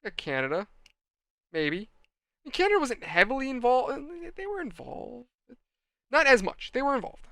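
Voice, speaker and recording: A man's voice: very high voice, normal speed, long pauses, dry recording, clean studio sound. A man hosting a hobby channel, telling a rambling, exasperated anecdote straight to his viewers. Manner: animated, exasperated storyteller, addresses viewers. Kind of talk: rambling anecdote while model building.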